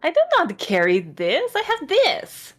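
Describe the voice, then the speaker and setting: A woman playing a tabletop game, speaking in halting, drawn-out phrases. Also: high-pitched, wildly swooping pitch, soft background music. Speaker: player. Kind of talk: tabletop game play, casual chat.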